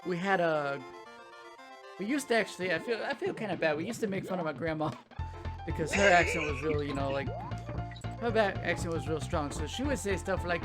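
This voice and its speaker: A man's voice: a little high, animated, fairly quick. A man in his thirties from South Louisiana with a South Louisiana accent, chatting casually and rambling as he plays a video game. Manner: rambling, loses his train of thought. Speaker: gaming show host. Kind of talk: casual chat while playing a video game. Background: game music.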